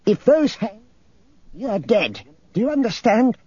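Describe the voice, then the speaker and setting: A man doing a high crowing old woman. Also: sing-song, slow, darkish tone, lo-fi sound, full character voice. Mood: gleeful fierce. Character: feisty triumphant old woman.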